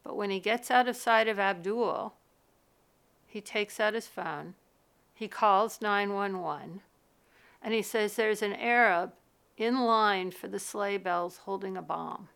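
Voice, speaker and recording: Bright, gravelly-voiced woman telling a pitch. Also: takes it slowly. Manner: vivid, dramatic storytelling with swings in loudness. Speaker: film producer and school director. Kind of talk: storytelling a film pitch.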